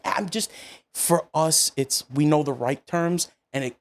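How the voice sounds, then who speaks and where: A podcast host talking casually and expressively, chiming in with quick agreement and loud laughter. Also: mid-range voice. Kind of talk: casual chat.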